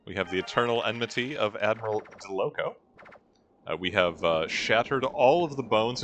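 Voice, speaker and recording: A man's voice: lowish voice, moderate pace, fairly bright tone, a little hiss or hum. A man hosting a let's-play, giving sardonic, jokey and rambling commentary. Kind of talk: casual gameplay commentary.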